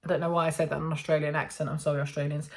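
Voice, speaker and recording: A woman's voice: sits low, little pitch movement, rapid-fire, a little mellow. A woman, chatting to camera in a casual make-up review, self-amused and full of ums. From England. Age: 40s. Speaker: beauty vlogger.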